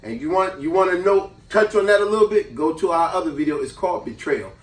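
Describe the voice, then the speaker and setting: High-voiced guy hosting, telling stories all animated and slangy, roomy far-off sound. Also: fast talker. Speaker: host. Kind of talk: casual storytelling chat. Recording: roomy echo, distant mic.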